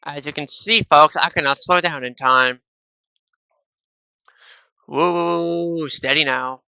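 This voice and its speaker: A man's voice: a little high, steady tone, slow pace, gravelly, pushed and bright, smooth, no echo, low-quality recording. A man giving casual, rambling gameplay commentary into a headset, tacking "though" and "and stuff" onto nearly every phrase. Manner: chatty, rambling asides to viewers. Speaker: gaming video creator. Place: at home, recording at a PC. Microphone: gaming headset.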